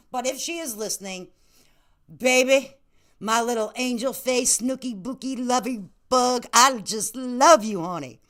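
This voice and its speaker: A woman's voice: mid-range voice, fairly bright tone. A woman in her late thirties hosting a casual livestream, chatty and affectionate, laughing often and calling viewers honey and baby. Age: 30s. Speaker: livestream host.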